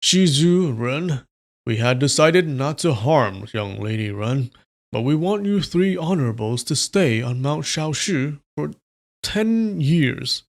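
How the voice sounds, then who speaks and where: A man's voice: fairly high pitch, expressive, slow pace. A man voicing an earnest male martial sect elder, speaking firmly.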